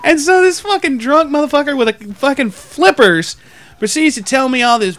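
A man telling a work story in casual chat, animated and full of swearing. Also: extremely high pitch, moderate pace, slight background noise.

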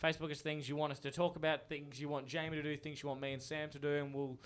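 A man co-hosting a casual podcast chat, excitable and quick to laugh. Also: on the high side. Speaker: podcast co-host.

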